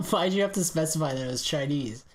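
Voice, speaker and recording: A man's voice: a little high, moderate pace. A young man co-hosting a podcast, joking around, laughing often and swearing freely. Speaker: podcast co-host. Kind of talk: casual chat.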